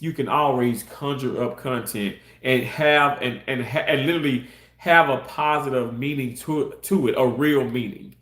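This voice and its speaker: A man's voice: medium pitch, fairly bright tone, echoey room. A man ranting on his live stream in a passionate, heated way, cursing and repeating himself. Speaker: live-stream content creator. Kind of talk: casual live-stream rant.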